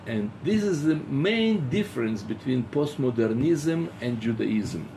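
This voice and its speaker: Slow, gravelly-voiced rabbi lecturing. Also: male voice, medium pitch, expressive, background noise. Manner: halting, with many fillers and restarts; rhetorical, acts out dialogues. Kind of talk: philosophy lecture.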